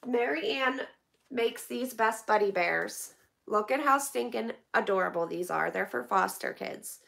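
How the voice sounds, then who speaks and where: A middle-aged woman from the United States, opening donated packages on a live stream and chatting excitedly with viewers. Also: fairly high pitch, measured pace, vocal fry.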